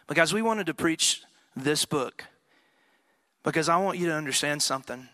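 Impassioned pastor preaching a sermon. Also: male voice, fairly high pitch, normal speed, pushed and bright, no echo. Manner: storytelling, building to impassioned emphasis. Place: church.

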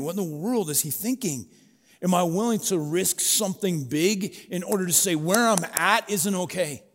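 A middle-aged man preaching a sermon in a relaxed, conversational way, storytelling and acting out quoted voices. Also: high-pitched, big-room sound. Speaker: pastor.

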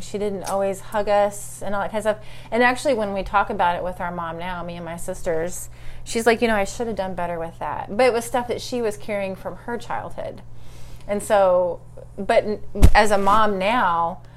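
A woman's voice: mid-range voice, a little hiss or hum. A middle-aged woman interviewing an old friend in a friendly, encouraging way, with murmurs of agreement as she listens. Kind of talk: casual conversational interview.

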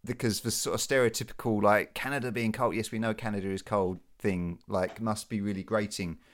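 A man's voice: fairly low pitch, steady tone, fairly quick. A British man hosting a casual interview, thinking aloud with hesitant repeats. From Britain. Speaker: podcast host.

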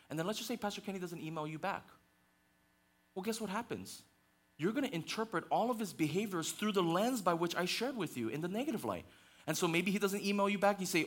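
Male pastor, slightly high voice, passionate sermon with fillers, climbs to intense peaks. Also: lively intonation, fast talker. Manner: passionate, rising to near-shouting intensity; conversational with many fillers and restarts.

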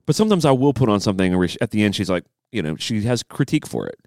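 Low voiced guy, super animated, blunt, laughs a lot, dry mic, bit of music. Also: very fast, no echo. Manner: blunt, laughs often, swears casually. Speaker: podcast co-host. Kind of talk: casual chat reviewing an album.

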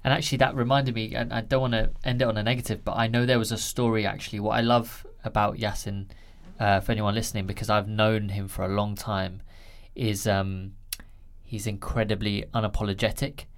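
A man's voice: lowish voice, level tone, brisk. A man hosting a podcast, asking long, earnest questions of his guest. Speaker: podcast host. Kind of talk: interview questions.

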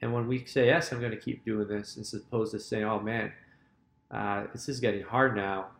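A man's voice: on the low side, fairly even intonation, moderate pace, vocal fry. A man hosting a podcast, speaking earnestly and reflectively in casual conversation. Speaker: podcast host. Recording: roomy echo.

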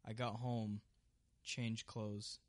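A man's voice: fairly low pitch, flat delivery, extremely slow. Young man, easygoing podcast chat. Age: young adult. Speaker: podcast co-host. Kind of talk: casual chat.

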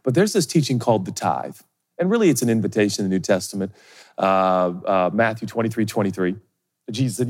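A middle-aged man preaches a sermon with a lively, bouncing pitch that swoops up and down. He jokes at his own expense and slips into other people's voices as he tells his stories. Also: fast, long reverb tail. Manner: animated, humorous, acts out quoted voices; self-deprecating storytelling. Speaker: pastor.

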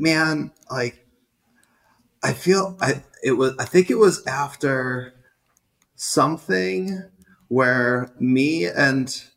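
A man's voice: medium pitch, a bit bright. A man, a youth pastor chatting as a podcast guest and telling stories with many restarts. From greater Boston area. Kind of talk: casual interview chat.

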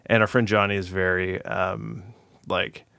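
Low gravelly guy rambling through a story, lots of ums, dry close sound. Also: flat delivery, unhurried, sharp tone, no room sound. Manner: rambling, filler-heavy storytelling. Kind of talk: casual storytelling chat.

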